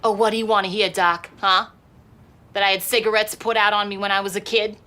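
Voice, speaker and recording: A woman's voice: medium pitch, little pitch movement, a little fast, sharp tone, natural voice. An actress playing a defensive woman putting on a terrible Boston accent, confrontational in a therapy scene. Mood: defiant. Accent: terrible put-on Boston. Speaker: actress in a TV comedy clip.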